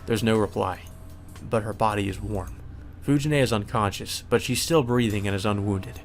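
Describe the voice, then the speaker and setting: A man's voice: on the low side, moderate pace, soft background music. A man hosting a let's play, reading a visual novel's narration aloud and breaking in with casual swearing asides.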